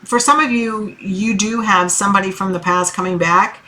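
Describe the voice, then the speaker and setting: A woman's voice: mid-range voice, fairly even intonation, normal speed, bright, forceful tone. A woman in her thirties giving a casual tarot reading, loose and encouraging, with lots of swearing and fillers. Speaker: tarot reader.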